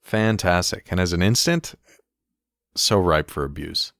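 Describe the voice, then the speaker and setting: A man's voice: deep voice, a little slow, vocal fry, a bit bright, dry recording, studio quality. A man co-hosting a casual podcast, reviewing game cards in a wry tone, laughing often and reading card text aloud. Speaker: podcast co-host.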